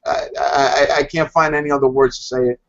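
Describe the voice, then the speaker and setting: A man giving an enthusiastic sales pitch on a video call, talking in fired-up bursts with lots of stammered restarts. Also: steady tone, a little fast, vocal fry, fairly bright tone. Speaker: hangout participant. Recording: dull lo-fi video call audio.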